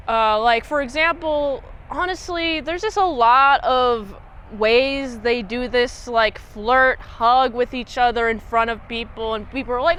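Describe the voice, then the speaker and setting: Bright, high-voiced woman reviewing a movie. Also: a little slow. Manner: animated, playfully mocking, acts out characters in squeals. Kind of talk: casual movie recap.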